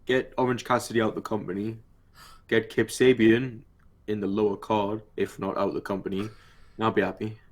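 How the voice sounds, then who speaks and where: A young man co-hosts a wrestling chat in an easygoing, slangy way. His voice sits a little low, and his talk stays relaxed and offhand. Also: normal speed. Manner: laid-back, slangy. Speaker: co-host. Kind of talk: casual wrestling review chat.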